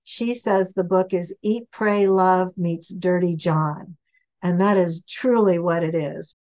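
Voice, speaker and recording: A woman author and relationship expert, giving a guest interview on a podcast in an emphatic, animated storytelling manner. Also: on the low side, takes it slowly, lo-fi sound.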